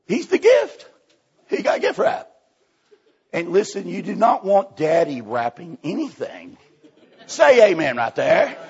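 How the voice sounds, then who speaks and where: A man preaching a sermon in a folksy, punchy way, with sudden loud bursts. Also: on the high side, breathy edge. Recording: dull lo-fi sound.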